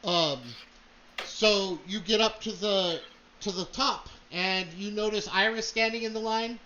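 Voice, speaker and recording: Young male game master, high bright voice, loose narration, dull home recording. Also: steady tone, measured pace, slight background noise. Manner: rambling, filler-heavy narration.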